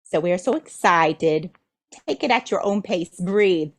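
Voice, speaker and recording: This woman's voice is on the low side and expressive, moving at a measured pace. She channels a spiritual message as a collective "we," playful and enthusiastic, teasing her listeners and often checking in with "do you see?"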